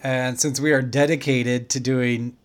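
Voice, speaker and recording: Relaxed man co-hosting a film podcast. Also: mid-range voice, a little slow. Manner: relaxed, wraps up the episode. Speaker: podcast co-host. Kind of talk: casual chat.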